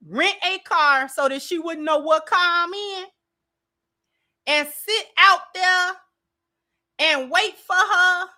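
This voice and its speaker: Bright, high-voiced sassy woman commentator. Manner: sassy, emphatic, calls listeners baby. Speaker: commentary channel host. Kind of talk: opinionated reaction commentary.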